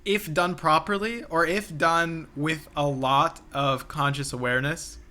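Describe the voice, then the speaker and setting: A man's voice: fairly high pitch, fairly even intonation, a little slow, sharp tone. A young man co-hosting a podcast outdoors, thinking aloud in a casual philosophical conversation with many restarts and fillers. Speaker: podcast co-host. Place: outdoors near a playground.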